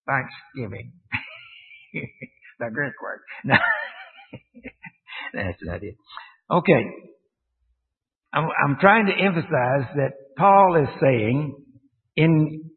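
Male preacher, mid pitch, halting with restarts, questions the congregation; lo-fi phone-like church recording with long reverb. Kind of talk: sermon. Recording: tinny, echoey church recording.

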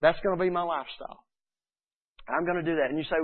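An earnest man preaches a sermon, his voice sitting a little high. He is animated and acts out the people he quotes. The sound is thin and tinny, as if heard down a phone line. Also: quick pace, pauses often, slight background noise. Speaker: pastor.

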